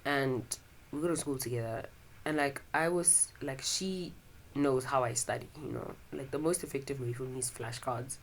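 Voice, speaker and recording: Young woman, low-pitched, casual podcast monologue, profane, rambling with fillers. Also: normal speed, a little hiss or hum, poor audio. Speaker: podcast host.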